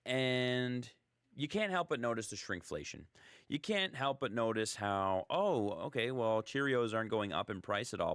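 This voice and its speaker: This fairly low male voice has vocal fry and a slightly bright edge, captured at studio quality with no room sound. He's a radio host in a loose, rambling, chatty mode, poking fun at himself during casual talk radio banter.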